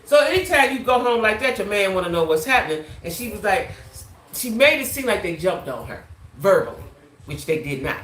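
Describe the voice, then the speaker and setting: A woman's voice: mid-range voice, brisk, echoey room. A woman hosting a live stream, giving casual, emphatic commentary on a reality show and talking straight to her viewers. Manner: animated, emphatic, talks to viewers.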